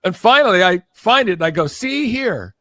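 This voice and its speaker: An older man, a podcast guest and former record executive, telling an animated story in conversation, acting out what others said and checking in with "okay?". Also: sits high, fast, slight background noise. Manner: animated, acts out quoted voices, keeps checking in with "okay?".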